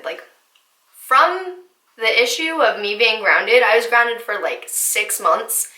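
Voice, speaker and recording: A young woman from New Jersey telling a casual storytime vlog in a chatty, animated way with lots of fillers. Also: on the high side, takes it slowly. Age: young adult. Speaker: vlogger. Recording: echoey room.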